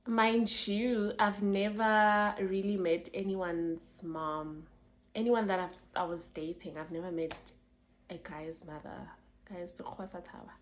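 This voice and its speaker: A woman's voice: fairly low pitch, fairly even intonation, a little slow. A young South African woman telling a personal story to camera in a chatty, slangy way, laughing as she goes. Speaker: vlogger. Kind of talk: casual storytime.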